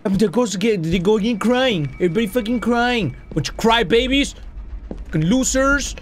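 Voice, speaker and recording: A young man with a high, bouncy voice talks through a horror game as he plays it. He swings between low muttering and sudden yells, swearing freely. He sounds jumpy and excitable throughout. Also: a little fast, music in the background. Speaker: gaming video host. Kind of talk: live horror game commentary.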